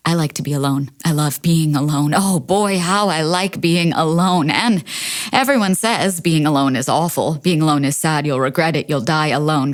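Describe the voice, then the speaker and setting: A woman performing a staged reading of a play as a monologue, wry and anxious, moving between brisk lists and hushed, confessional passages, recorded in a studio. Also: sits low.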